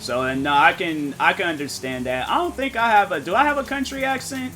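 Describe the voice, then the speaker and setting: Bright-voiced man chatting on stream. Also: high-pitched, fairly quick, a little hiss or hum. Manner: rambling, thinking aloud with many restarts. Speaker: gaming streamer. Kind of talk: casual chat with viewers while streaming.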